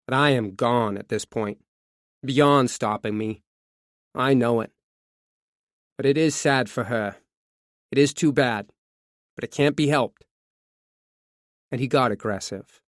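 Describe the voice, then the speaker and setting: Casting: male audiobook narrator, mid-pitched, measured confessional reading, dry close-miked sound. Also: dry recording. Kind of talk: scripted true crime narration.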